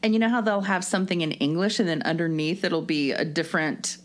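A woman's voice: fairly low pitch, fast talker. A woman co-hosting a podcast, chatting casually and giggling as she tells stories. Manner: giggly, animated storyteller. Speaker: podcast co-host. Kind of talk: casual chat.

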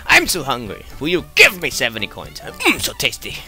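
A man's voice: mid-range voice, huge pitch swings, normal speed, sharp tone, heavily acted. A man doing a greedy hungry star creature. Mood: begging. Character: hungry little star creature begging for coins. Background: game music.

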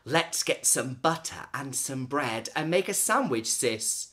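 Woman playing a mischievous storybook boy, low voice, sly, smirking, unhurried. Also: expressive, a bit bright, exaggerated voice.

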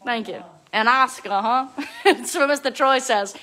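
Young woman, high voice, bright tone, giggly, chatty, phone livestream. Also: measured pace. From Louisiana. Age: young adult. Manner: giggly, chatty, reads out fan comments. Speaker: reality show personality. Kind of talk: casual livestream chat with fans. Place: at home with family.

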